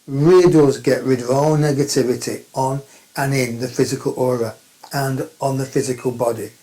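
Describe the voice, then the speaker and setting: Casting: male spiritual teacher, direct and emphatic, repeats his points, mellow tone. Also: medium pitch, steady tone, moderate pace, rough recording. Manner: plain-spoken, emphatic, repeats phrases. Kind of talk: spiritual talk to camera.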